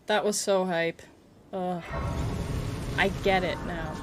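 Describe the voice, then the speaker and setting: A woman streamer chatting casually with her viewers while playing, excitable and giggly. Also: fairly low pitch, drawn-out words, pauses often, a little hiss or hum. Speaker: game streamer. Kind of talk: casual live-stream chat.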